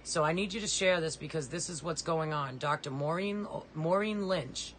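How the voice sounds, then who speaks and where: A woman's voice: low-pitched, fairly bright tone, a little hiss or hum, rough recording. A middle-aged woman, a mother, making an urgent, pleading personal appeal in plain, direct words. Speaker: mother of a disabled son.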